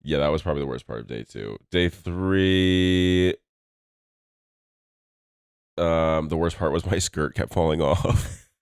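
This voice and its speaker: A young man co-hosting a casual podcast chat, animated and laughing often as he tells stories. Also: slow pace, gravelly, long pauses, smooth, dry recording, clean studio sound. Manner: animated, laughs often, jumps into high-pitched squeals when retelling stories. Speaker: podcast co-host.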